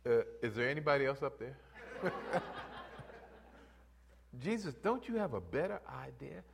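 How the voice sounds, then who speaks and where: Animated preaching man, lively pitch. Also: fairly quick, creaky, noisy background. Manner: animated preaching, acts out voices, rises to loud exhortation. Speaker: pastor. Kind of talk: sermon.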